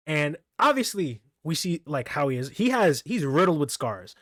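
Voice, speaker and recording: A man's voice: on the high side, big pitch swings, normal speed, a bit bright, dry recording, studio quality. A man recapping manga chapters in a casual solo talk, rambling, laughing often and stumbling over names. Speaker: manga reviewer.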